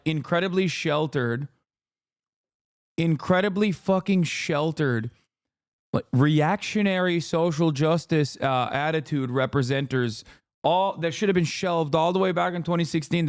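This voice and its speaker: Loud, profane ranting male streamer. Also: fairly high pitch, unhurried, clean tone, dry recording, clean studio sound. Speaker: livestream host reacting to clips. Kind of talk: heated political commentary.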